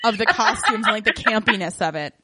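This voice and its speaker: A woman's voice: mid-range voice, brisk, noisy background. A woman co-hosting a podcast, chatting casually and sarcastically as she retells a movie's plot. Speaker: podcast host. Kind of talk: casual movie review chat.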